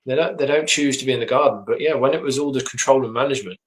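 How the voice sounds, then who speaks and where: A man, a dog trainer, explaining his methods in an earnest, steady way from his home office. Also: mid-range voice, very fast, rough recording. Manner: earnest, explanatory, lots of agreeing 'yep'. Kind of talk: casual conversation.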